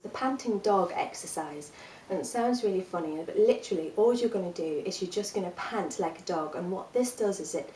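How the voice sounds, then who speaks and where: A woman teaching a singing workshop, talking the listener through breathing and vocal exercises in a calm, encouraging, step-by-step way. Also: fairly low pitch, a little fast, roomy sound, far from the mic, a little hiss or hum, poor audio.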